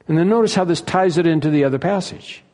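A man's voice: on the high side, quick pace, darkish tone. A man preaching an expository sermon in earnest tones, repeating key phrases for emphasis. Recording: long reverb of a large hall.

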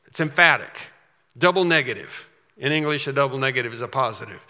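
Guy preaching a sermon, bright forceful voice, kinda high, big echoey church sound. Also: lively intonation, fast talker. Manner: emphatic preaching with rhetorical questions and repetition. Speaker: pastor. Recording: long reverb of a large hall.

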